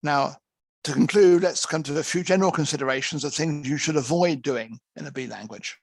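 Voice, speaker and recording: A man teaching conference interpreters in an online lecture, speaking in lively, emphatic short phrases with some restarts. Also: a little high, a little fast, creaky, no room sound. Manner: lively, emphatic, counts out examples.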